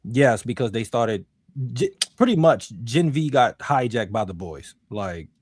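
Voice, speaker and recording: A man talks on a casual podcast in an emphatic, profane way, with a voice that rises and falls widely. His pitch sits in the middle range. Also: very animated, unhurried, a little mellow, breathy edge. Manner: emphatic, swears a lot, says "bro".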